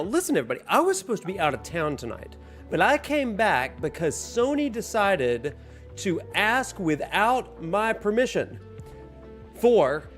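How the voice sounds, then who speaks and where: Playful, lively-voiced livestream host man. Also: high-pitched. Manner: playful, laughs often, chats to viewers. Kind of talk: casual livestream chat.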